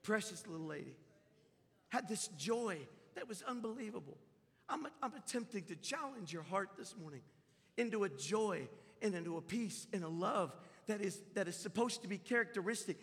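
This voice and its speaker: A man's voice: high-pitched, expressive, moderate pace. A middle-aged male pastor preaching a sermon, telling stories and rising to impassioned peaks. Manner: impassioned, storytelling, swells loud at peaks. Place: church sanctuary. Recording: reverberant church hall.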